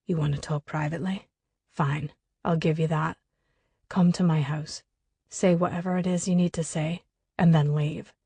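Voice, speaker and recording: A woman reading an audiobook voices a guarded, angry young man who speaks low and harshly, often under his breath. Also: fairly even intonation, normal speed, creaky, warm tone, husky, no echo, full character voice. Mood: curt. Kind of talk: audiobook character voicing.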